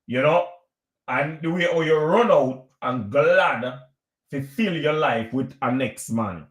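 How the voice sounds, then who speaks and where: Jamaican man, live-stream host, lecturing and repeating his points, a touch high voiced, roomy echo. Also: slow. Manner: preachy, lecturing, repeats himself. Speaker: vlogger hosting a live stream.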